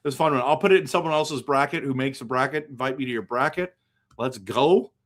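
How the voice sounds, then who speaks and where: A man's voice: medium pitch, a little fast, fairly bright tone. A man from western Canada hosting a casual hockey live stream, thinking aloud as he picks and answers viewer comments. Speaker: hockey livestream host.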